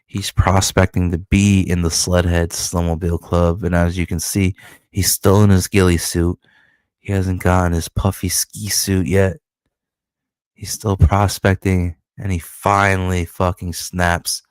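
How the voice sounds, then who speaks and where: A man, a comic book creator, walking through his comic in profane, animated storytelling. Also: sits low, measured pace, clean tone, no echo, studio quality. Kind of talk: casual comic-book walkthrough.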